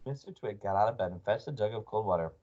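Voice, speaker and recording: A man reading a children's book aloud as storyteller, expressive with small slips. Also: fairly low pitch, fast, highs cut off. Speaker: storyteller, read-aloud narrator.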